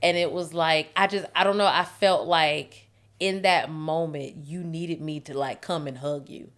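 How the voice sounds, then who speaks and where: A woman co-hosting a relaxed conversation podcast on marriage and faith. Her voice sits on the low side for a woman, and she tells stories in an animated way, breaking into laughter often. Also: unhurried. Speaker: podcast co-host. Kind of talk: casual chat about marriage and faith.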